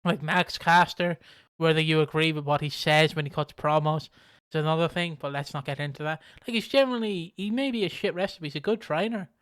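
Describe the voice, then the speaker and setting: A man co-hosts a wrestling podcast in a rambling, casual way, swearing as he goes. His voice is smooth and resonant. It sits close in a dry, dead space. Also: fairly high pitch, a little fast, fairly bright tone, no room sound. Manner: rambling, profane, frequent voice impressions. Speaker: podcast co-host. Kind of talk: casual chat.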